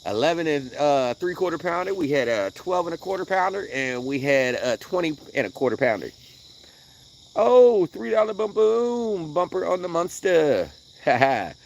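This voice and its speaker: Man, livestream host, laid-back slangy banter, lively pitch, faint crickets at night. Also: moderate pace, creaky, a little hiss or hum. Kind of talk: casual live-stream chat. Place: riverbank at night, outdoors.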